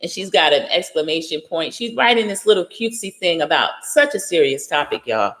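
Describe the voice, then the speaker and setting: A woman's voice: fairly low pitch, expressive, a little fast, fairly bright tone, long reverb tail. A middle-aged woman hosting a casual livestream, chatting and greeting viewers by name. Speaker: livestream host.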